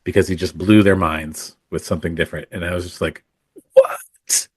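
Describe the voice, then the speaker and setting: Here a man with a low, slightly rough voice keeps a steady tone at a quick pace, captured at studio quality without echo. He's a photographer and former actor guesting on a podcast, casually recounting acting stories in a rambling way with frequent fillers and restarts.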